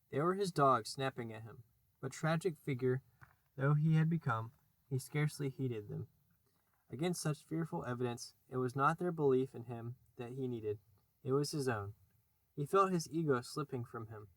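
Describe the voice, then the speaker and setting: A man narrating a classic children's novel in a measured storytelling voice. His pitch sits in the middle range, and the recording is dry and close, with no room echo. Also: fairly bright tone. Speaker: audiobook narrator. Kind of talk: scripted narration.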